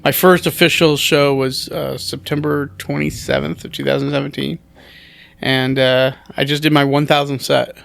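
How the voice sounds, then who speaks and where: A man's voice: mid-range voice, level tone, moderate pace, vocal fry, fairly bright tone. A man who is a stand-up comedian talking casually on a podcast in a rambling, self-deprecating way, with many restarts.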